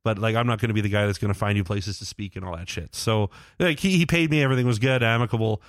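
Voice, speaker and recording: Talking fast in a lowish voice, this young podcast co-host tells long, rambling stories in casual chat, swearing often and using plenty of "like" and "uh." The studio-quality recording has no room sound.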